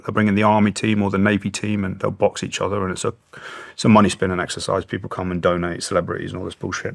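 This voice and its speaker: A man's voice: on the low side, gravelly. A British man in his thirties telling his story in an interview, blunt and intense, swearing heavily. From Britain. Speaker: guest, former special forces soldier.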